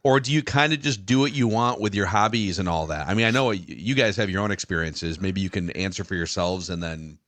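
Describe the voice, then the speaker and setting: Low-voiced relaxed podcast host. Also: male voice, brisk, few pauses, no room sound. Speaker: podcast host reading listener questions. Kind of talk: casual chat.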